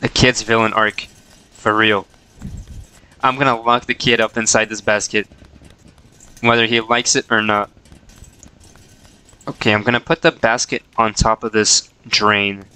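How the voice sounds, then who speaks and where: A man's voice: on the low side, level tone, slow pace, long pauses, pushed and bright, clear, resonant tone, poor audio. A man casually commenting on his own gameplay on a livestream, joking and talking back to the characters. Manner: playful, jokey, talks to the characters. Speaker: streamer.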